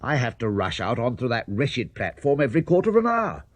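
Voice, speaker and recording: A man's voice: medium pitch, huge pitch swings, fairly quick, no echo. A man voicing a flustered, overworked cuckoo who lives in a clock, talking in a fussy, anxious hurry.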